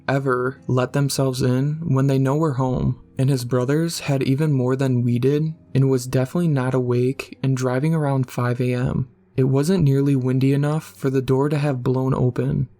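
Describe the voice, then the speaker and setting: A man narrates a scary story in a steady, level voice that rarely rises or falls. His tone is dark and mellow, and the reading is scripted and unhurried in feel. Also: mid-range voice.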